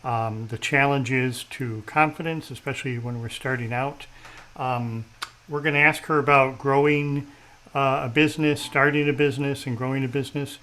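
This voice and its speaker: A man's voice: medium pitch, steady tone, normal speed, sharp tone, rough recording. A man hosting a casual interview, chatty and self-deprecating, with many fillers and restarts. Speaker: host. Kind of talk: casual video-call interview.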